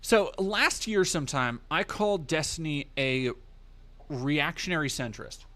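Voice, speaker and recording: A man's voice: fairly high pitch, measured pace, sharp tone. A man from the United States hosting a livestream, talking casually in a rambling, profane way with many fillers and restarts. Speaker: livestream host.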